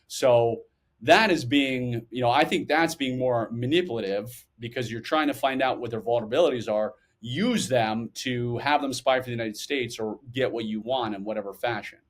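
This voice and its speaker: A middle-aged man answering interview questions with lively stories, acting out the people he quotes. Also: mid-range voice, normal speed. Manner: animated, acts out quotes. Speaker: guest, former intelligence officer.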